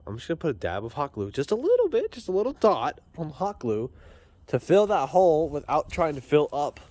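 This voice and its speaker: His darkish, fairly high-pitched voice swings widely as he talks briskly. A vlogger fixing a car in his garage, he rambles casually and pokes fun at himself while filming with a handheld phone.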